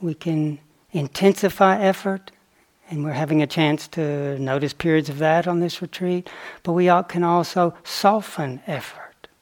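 Slow, reflective male meditation teacher. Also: fairly high pitch. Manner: slow, reflective, with pauses and playful asides. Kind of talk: dharma talk on retreat.

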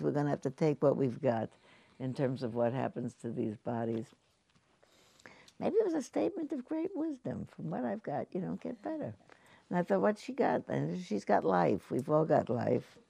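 A woman's voice: low voice, vocal fry, warm tone, no echo. An older woman giving a meditation teacher's dharma talk, musing and conversational, with fillers and restarts. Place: meditation hall.

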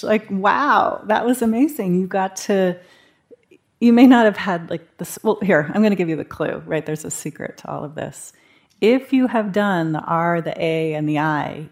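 A woman with a fairly low voice teaches meditation to a retreat group in a meditation hall. She talks in a loose, conversational way and slips into animated quoted asides to show inner thoughts. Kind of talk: guiding a live retreat group.

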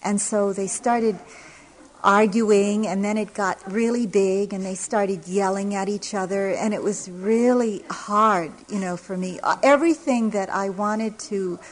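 Middle-aged woman teacher, warm storytelling dharma talk, unhurried with light laughs. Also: medium pitch, steady tone, rough recording. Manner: gentle storytelling with soft laughs. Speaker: meditation teacher. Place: retreat center hall.

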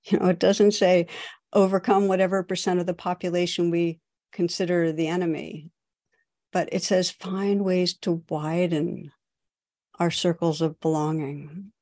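A woman, a meditation teacher, giving a dharma talk in a gentle, unhurried storytelling manner. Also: lowish voice, level tone, no echo, clean studio sound.

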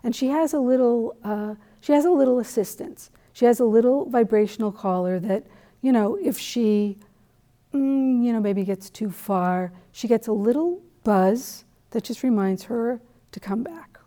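A middle-aged woman from New England giving a dharma talk, telling a personal story in a conversational, animated way with asides. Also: on the high side, unhurried. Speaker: meditation teacher.

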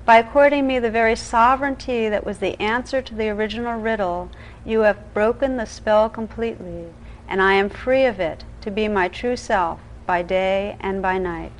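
A tender, wise enchanted bride from an old legend speaks with quiet earnestness, voiced lightly by a woman reading aloud. The voice sits at an ordinary middle pitch, gentle and unhurried. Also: natural voice, rough recording.

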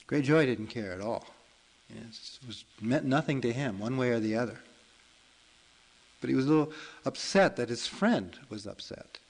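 A meditation teacher narrating a folk tale in a relaxed, chatty way, with fillers and self-corrections. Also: male voice, medium pitch, poor audio. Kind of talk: storytelling in a dharma talk.

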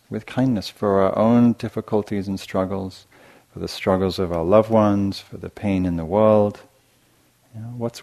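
A man giving a dharma talk as a meditation teacher at a retreat, reflective and gentle, telling stories with hesitant restarts. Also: fairly low pitch, creaky.

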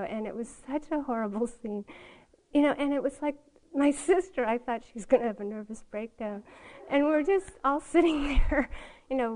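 A woman's voice: on the high side, a little mellow, poor audio. An older woman giving a meditation talk at a retreat, telling a personal story in a candid way and laughing often. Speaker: meditation teacher.

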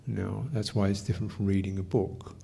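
An older man from England teaching meditation, speaking in a reflective, thinking-aloud way with touches of gentle humor. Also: fairly low pitch, level tone, brisk, gravelly, a little hiss or hum. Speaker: meditation teacher answering questions. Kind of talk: unhurried Dharma talk.

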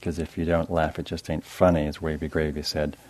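A middle-aged meditation teacher speaks to a live audience in a soft, gentle way. His voice is very low and deep. He pauses often, with fillers and restarts. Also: monotone. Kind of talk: dharma talk to a live audience.

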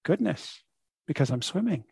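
A man's voice: fairly high pitch, big pitch swings, normal speed, gravelly, darkish tone, husky, no echo, full character voice. A man voicing a snappish, stubborn little fish. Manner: snappish, impatient retorts.

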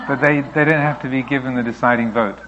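A man, a Buddhist teacher, answering questions in a reflective, gently explaining way, now and then voicing thoughts aloud. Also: medium pitch, steady tone, fast talker, muffled recording, heavy background noise. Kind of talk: dharma talk Q&A.

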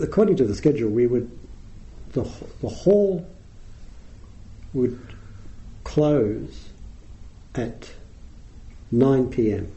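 A middle-aged man gives a relaxed dharma talk. His very dark, mellow voice sits at an ordinary pitch. He tells wry, anecdotal stories and often chuckles at them. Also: gravelly, low-quality recording. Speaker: meditation teacher.

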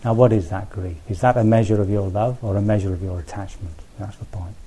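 A man's voice: fairly low pitch, fairly even intonation, a little fast, mellow, breathy edge. A man teaching as a Buddhist teacher in a conversational dharma talk, thinking aloud with restarts and frequent asides to his listeners.

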